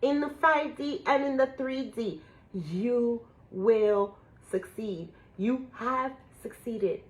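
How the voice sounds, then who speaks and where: Excitable woman reading tarot cards. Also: high voice, unhurried, poor audio. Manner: emotional, swinging from excited squeals to hushed awe; casual and profane, addresses viewers as guys. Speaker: tarot reader. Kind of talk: spiritual tarot reading to viewers.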